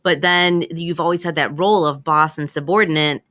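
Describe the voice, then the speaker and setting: A woman's voice: deep voice, fairly even intonation, a little fast, a bit bright. A woman co-hosting a casual radio talk show, chatting loosely with frequent "like" and "you know". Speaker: radio co-host.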